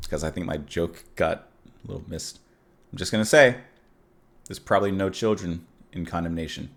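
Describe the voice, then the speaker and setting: A man's voice: on the low side, fairly bright tone. A man hosting a casual music reaction, thinking aloud enthusiastically with many fillers and restarts, and reading song lyrics aloud with feeling.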